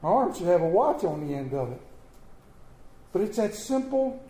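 A middle-aged man preaching a sermon to his church, telling stories in a folksy way with sudden loud bursts. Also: high-pitched, big pitch swings, normal speed. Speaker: pastor. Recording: echoey church room.

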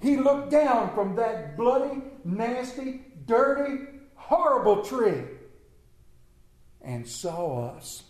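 A man preaching a sermon in an earnest manner, repeating key words and often dropping to a hushed tone. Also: very high-pitched, very animated, slow, echoey room, rough recording.

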